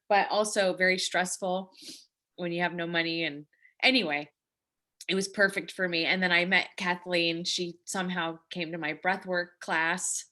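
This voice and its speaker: Bright, effusive woman hosting a call. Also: fairly low pitch. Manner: effusive, grateful, rambling with restarts. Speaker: breathwork facilitator hosting a live online session. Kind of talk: emotional casual chat with participants. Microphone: video call.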